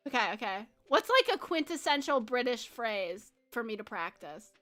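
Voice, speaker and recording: Young woman gaming streamer, bright and a bit high-pitched, giggly and chatty. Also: big pitch swings, moderate pace, few pauses. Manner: chatty, giggly, lots of fillers. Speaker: game streamer. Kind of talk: casual chat while gaming.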